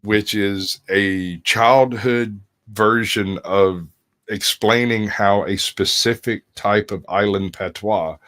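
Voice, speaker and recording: Lower-voiced guy joking around and telling a story on a podcast, lots of uh's. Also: fairly even intonation, takes it slowly, fairly bright tone. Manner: jokey, storytelling, frequent uh fillers. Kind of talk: casual chat.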